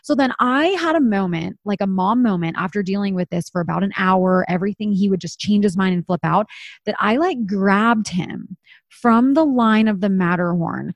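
A woman's voice: mid-range voice, normal speed, no room sound. A woman in her thirties from Utah, telling a story in casual chat, full of "like" and acted-out quotes. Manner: animated, lots of "like", acts out quotes.

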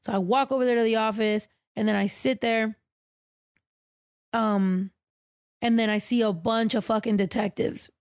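A woman's voice: fairly high pitch, moderate pace, pauses often, clean tone, no room sound, clean studio sound. Blunt, swearing young woman storyteller. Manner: profane, blunt, animated storyteller. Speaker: podcast host. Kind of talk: casual storytelling chat.

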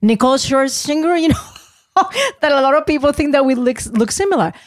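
A woman's voice: high voice, fairly quick, dry recording, studio quality. Laughing woman podcast host. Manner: lively, laughs often, acts out quotes. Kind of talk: casual chat, storytelling.

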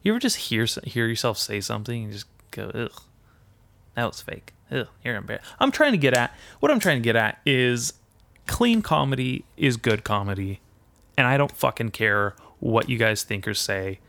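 With a medium-pitched, gravelly, slightly bright voice full of big pitch swings, this podcast host and would-be comedian rants at a moderate pace. His monologue rambles and swears, shifting between outrage and jokes at his own expense.

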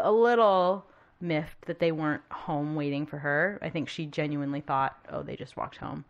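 A woman's voice: lowish voice, fairly bright tone. A woman podcast host recounting a case in casual, conversational storytelling with frequent fillers.

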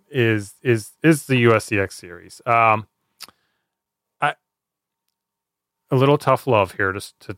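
A man's voice: lowish voice, fairly bright tone, clean tone, no echo. Male podcast co-host, opinionated, dry close mic. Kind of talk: casual chat, opinionated rant.

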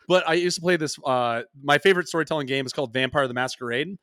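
A man hosts a casual podcast, rambling along and poking fun at himself. His voice is bright and forceful, and it is recorded close and dry with no room sound. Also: a little high, dry recording. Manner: rambling, self-deprecating, quick to laugh. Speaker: podcast host. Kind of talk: casual chat.

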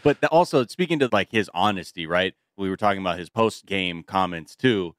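A man's voice: low-pitched, animated, brisk, a bit bright, no echo, studio quality. A man co-hosting a podcast, chatting casually and riffing with enthusiasm. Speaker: podcast co-host. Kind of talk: casual chat.

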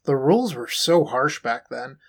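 A man co-hosting a podcast who tells animated stories in casual chat, with frequent "like". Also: medium pitch, normal speed, gravelly, husky. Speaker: podcast co-host.

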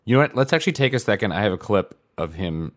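A man's voice: lowish voice, sing-song, fast talker, a bit bright. A man co-hosting a casual chat about parenting, musing and analytical, often laughing. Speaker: podcast co-host and parent.

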